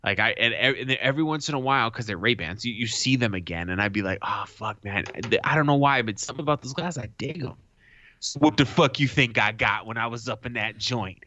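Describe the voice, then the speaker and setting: A man co-hosting a podcast, telling a story in a casual, animated way and swearing freely. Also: medium pitch, a little fast, no room sound. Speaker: podcast co-host. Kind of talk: casual chat. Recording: dull lo-fi sound.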